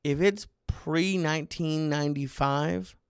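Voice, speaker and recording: A man's voice: fairly high pitch, fairly even intonation, a little slow, clean tone, no room sound, studio quality. A man hosting a comedy podcast, rambling through a monologue with restarts and mock exasperation. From United States. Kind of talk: comic monologue.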